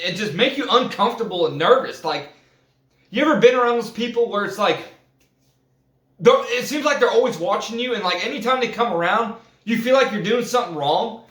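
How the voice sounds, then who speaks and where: High-voiced man ranting, swearing. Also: a bit bright. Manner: heated, swearing, halting restarts. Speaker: vlogger. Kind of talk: casual profane rant. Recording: roomy echo.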